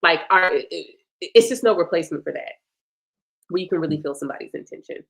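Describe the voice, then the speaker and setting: A woman's voice: fairly low pitch, animated, fast, creaky, a bit bright. A woman guest chatting casually with the host, emphatic and playful. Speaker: guest astrologer. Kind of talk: casual chat.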